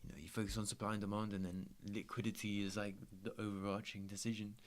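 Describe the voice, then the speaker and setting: Low-voiced, laid-back young man. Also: flat delivery, fast. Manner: laid-back, slangy, swears freely. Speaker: trader streaming his trading. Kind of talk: casual chat.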